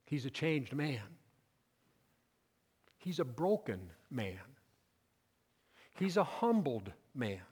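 A male pastor preaching a sermon, swinging between loud emphatic declarations and quiet asides. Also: mid-range voice, big pitch swings, slow pace, long pauses, slightly rough, in a large hall.

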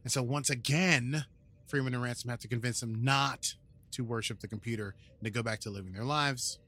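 A man hosts a casual podcast in a bright, forceful voice. He jokes around, laughs easily and then settles into recapping an episode. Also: mid-range voice, fairly quick, husky. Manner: playful, jokey, laughs often. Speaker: podcast co-host.

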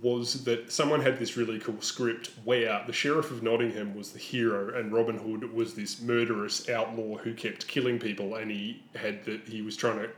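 A man's voice: fairly low pitch, little pitch movement, moderate pace, few pauses, roomy sound. A man co-hosting a podcast in casual chat, sarcastic and swearing freely. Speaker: podcast co-host.

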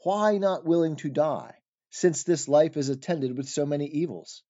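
Brief: a calm, grave guide giving counsel in archaic words, mellow, slightly raised pitch, voiced by a male narrator. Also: highs cut off, natural voice. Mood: counselling. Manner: measured, counselling, archaic speech.

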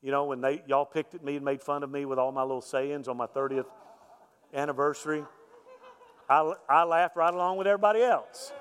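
A middle-aged pastor preaches a sermon in a conversational manner in a church sanctuary, frequently repeating words as he goes. His voice is on the high side, a bit bright and smooth, and the recording echoes through the church hall.

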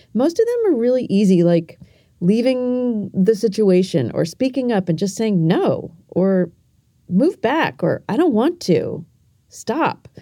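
Middle-aged woman host talking to kids, earnest and gentle, super mellow dark voice, dry close mic. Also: medium pitch, no room sound. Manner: earnest, gentle, talks straight to the listener. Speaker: podcast host. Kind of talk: storytelling lesson for kids.

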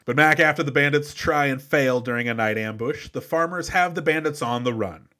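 A man's voice: a little high, a little fast, pushed and bright. A man co-hosting a podcast, recapping a movie with enthusiastic, profane storytelling on a close mic. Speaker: podcast co-host. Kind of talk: casual movie recap chat.

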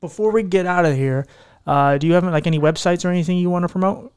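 A man's voice: sits high, quick pace, darkish tone, smooth. A man hosting a podcast in casual chat, talking in an earnest, heartfelt, rambling way. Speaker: podcast host.

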